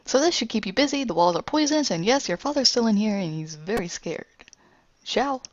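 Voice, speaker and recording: A woman voicing a gloating male villain back from the dead, talking slowly and mockingly. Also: on the high side, expressive, dry recording. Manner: slow, smug and mocking. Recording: dull lo-fi recording.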